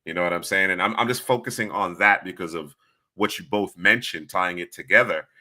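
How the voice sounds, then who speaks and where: A man's voice: low-pitched, brisk, pushed and bright. A man co-hosting a football podcast, talking in a laid-back, casual way with stammered starts. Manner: laid-back, stammering, asks you know what I'm saying. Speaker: podcast co-host. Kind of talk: casual football scouting talk.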